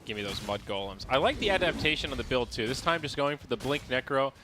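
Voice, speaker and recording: A man calling a live esports match as play-by-play commentator, animated and joking, rising in pitch at big plays. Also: fast talker, music in the background. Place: broadcast studio. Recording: steady background noise.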